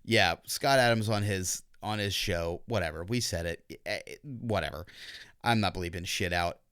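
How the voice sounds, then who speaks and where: A man co-hosts a casual podcast, his voice sitting a little low with a clean, smooth tone. The sound is close and dry with no room around it. He rambles, swears freely and drips with sarcasm. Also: normal speed, fairly bright tone, no echo. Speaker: podcast co-host. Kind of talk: casual chat.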